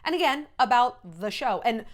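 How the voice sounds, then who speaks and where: A woman in her thirties, once an entertainment journalist, talks through celebrity stories in a casual, blunt monologue. Her fairly high voice swings widely in pitch as she mocks the people she quotes. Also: expressive, moderate pace. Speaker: vlogger and former entertainment journalist.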